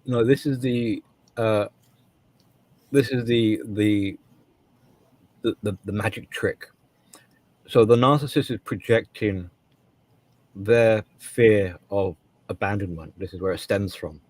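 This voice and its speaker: A man's voice: fairly low pitch, takes it slowly, long pauses, a little mellow. A man co-hosting a casual podcast discussion, talking emphatically and often restarting and repeating his words. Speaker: co-host.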